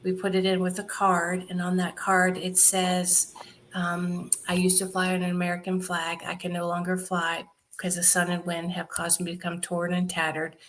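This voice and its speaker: A woman in an interview telling her charity's story in an animated way, laughing often and quoting what others said. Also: fairly low pitch, moderate pace. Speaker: charity founder guest.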